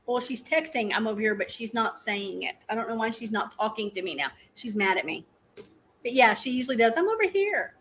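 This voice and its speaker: On a rough recording, a chatty middle-aged woman runs a casual live stream, spinning meandering stories and laughing a lot. Her voice sits on the high side, fairly bright, and she talks briskly.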